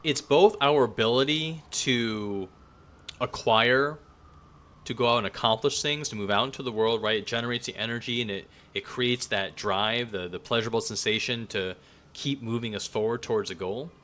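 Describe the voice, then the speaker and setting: A man's voice: medium pitch, moderate pace, fairly bright tone. A man giving a casual spoken lecture, talking loosely with plenty of fillers and restarts.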